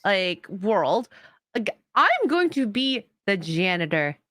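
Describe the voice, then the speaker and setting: A woman chatting casually as a podcast guest, chiming in with quick agreeing remarks. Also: medium pitch, big pitch swings, pushed and bright, no echo, clean studio sound. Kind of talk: casual chat.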